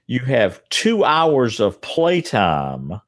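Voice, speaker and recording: A man's voice: mid-range voice, wildly swooping pitch, drawn-out words, dry recording. A man co-hosting a casual podcast, reacting and correcting details in easy chat. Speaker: podcast co-host.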